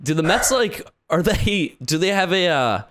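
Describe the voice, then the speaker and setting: A man's voice: sits high, lively intonation, normal speed, background noise. A man co-hosting a sports podcast in casual chat, complaining wryly about his team's poor play. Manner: exasperated, complaining, wry. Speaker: podcast co-host.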